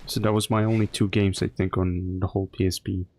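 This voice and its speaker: A man chatting on a live gaming stream, telling loose, rambling stories full of swearing. His voice sits a little low. He speaks crudely and casually throughout. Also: level tone, brisk, a little mellow, a little hiss or hum. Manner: crude, profane, rambling anecdotes.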